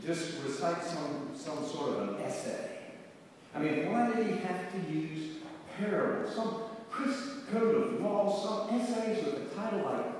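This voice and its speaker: A male pastor delivers a folksy sermon in a church, drawing out his words very slowly. His voice sits slightly high for a man. It is picked up from far back in the room, with a long hall reverb and faint background noise. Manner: folksy, deliberate, draws out words.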